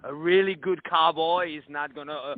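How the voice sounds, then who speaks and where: A man's voice: a little high, fairly even intonation, moderate pace. A man speaking as a dating coach at a live seminar, blunt and crude. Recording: tinny phone-like audio.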